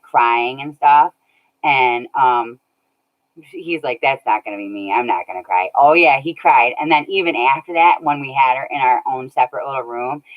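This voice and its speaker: Chatty woman streamer, dull lo-fi sound. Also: rumbling low. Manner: chatty, laughs often, thanks viewers by name. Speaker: streamer reading chat. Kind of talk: casual livestream chat. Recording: dull lo-fi audio.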